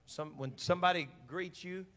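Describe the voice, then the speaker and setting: A man's voice: high-pitched, normal speed, bright, forceful tone. A middle-aged man preaching a sermon as pastor, in a folksy, plain-spoken way full of repetition.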